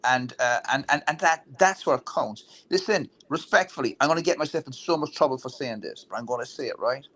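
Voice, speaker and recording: A man's voice: medium pitch, animated, a little fast, hardly any pauses, a bit bright. A man talking politics heatedly and bluntly, swearing and restarting his sentences often. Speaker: veteran political talk show guest.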